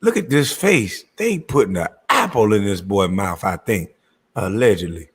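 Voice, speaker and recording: A man's voice: on the low side, expressive, normal speed, slightly rough. A man giving profane, incredulous reaction commentary on a clip he is watching.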